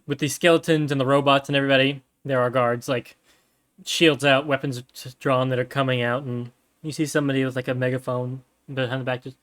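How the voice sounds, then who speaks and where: A man's voice: mid-range voice, flat delivery, brisk, a bit bright. A man narrating as game master of a tabletop role-playing game, describing scenes to his players. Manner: narrates scenes and puts on an announcer voice.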